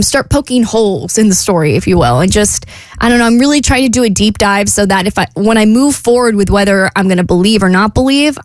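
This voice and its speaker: A woman's voice: medium pitch, no echo. A woman in her twenties co-hosting a radio show, talking candidly and laughing at herself. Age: 20s. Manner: candid, laughing, rambling with self-aware jokes. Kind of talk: casual morning radio chat. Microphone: studio microphone.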